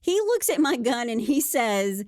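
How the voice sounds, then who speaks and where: A woman's voice: fairly high pitch, very animated, a little slow, a little mellow, no room sound, studio quality. A woman co-hosting a podcast, telling a true crime story casually and acting out the quotes with playful voices.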